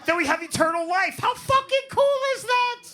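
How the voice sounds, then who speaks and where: A man's voice: extremely high pitch, expressive, moderate pace, pushed and bright, slight background noise. A man doing a profane, brash stand-up set in a comedy club, working the crowd. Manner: profane, brash, riffs on audience.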